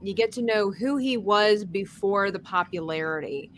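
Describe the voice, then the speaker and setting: A woman's voice: medium pitch, moderate pace, slight background noise. A young woman co-hosting a podcast, chatting casually and rambling with restarts. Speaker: podcast co-host. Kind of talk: casual chat.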